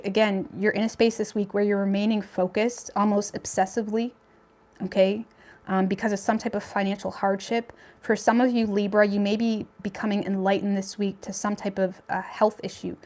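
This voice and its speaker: A woman's voice: mid-range voice, flat delivery, moderate pace, darkish tone. A young woman giving a casual tarot reading, talking in a chatty, blunt way with lots of fillers and some swearing. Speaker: tarot reader.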